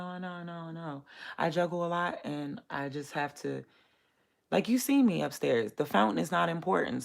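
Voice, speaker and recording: A woman's voice: sits low, vocal fry. A woman vlogging from home, a small business owner venting in a blunt, profane, rambling way. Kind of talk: casual venting vlog.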